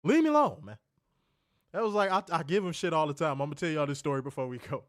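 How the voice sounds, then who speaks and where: A man's voice: a little high, racing, no echo, studio quality. A man hosting a podcast, telling a story in a loose, profane way and laughing often. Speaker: podcast host. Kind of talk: casual storytelling chat.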